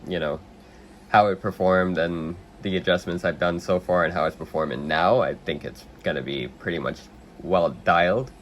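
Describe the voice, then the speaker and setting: A young man under the weather, casually walking through a hands-on setup at a workbench with lots of ums and throat clearing. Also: sits low, slight background noise. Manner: relaxed, rambling with many ums, clears throat. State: under the weather, slightly hoarse. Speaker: RC hobby video host.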